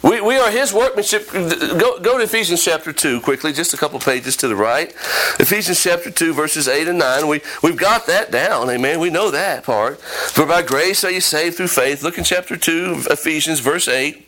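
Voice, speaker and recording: High-voiced man preaching fervently. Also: moderate pace, hardly any pauses, bright, forceful tone. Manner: fervent, rising pitch when quoting. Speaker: pastor. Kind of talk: sermon.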